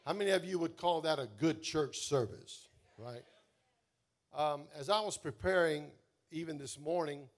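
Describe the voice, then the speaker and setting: A man preaching a sermon as pastor, calling on the congregation to respond and swelling loud on key words before dropping soft. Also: on the high side. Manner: slow, drawn-out emphasis.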